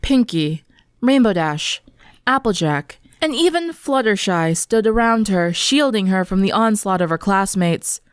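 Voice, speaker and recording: A young woman reading a fan story aloud in an earnest, expressive storybook narration. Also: mid-range voice, measured pace, smooth, no echo, clean studio sound. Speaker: fanfiction reader.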